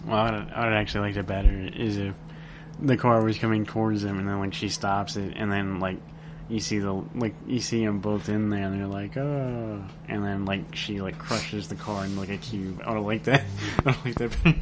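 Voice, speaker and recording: A man's voice: fairly low pitch, fairly even intonation, moderate pace, background noise. A man co-hosting a podcast in casual chat, laid-back and joking. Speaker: podcast co-host.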